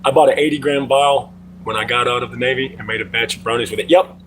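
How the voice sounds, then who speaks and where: A man's voice: mid-range voice, fairly even intonation, fast, a bit bright, a little hiss or hum, low-quality recording. Profane middle-aged man livestreaming. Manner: loose, profane storytelling. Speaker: livestream host. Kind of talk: casual livestream chat.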